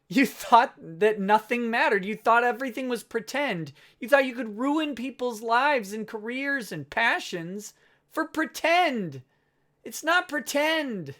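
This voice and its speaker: Man, livestream host, casual chat, sarcastic, laughs a lot, slow unhurried delivery. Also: extremely high pitch, expressive, a bit bright. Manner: sarcastic, laughs often, self-mocking.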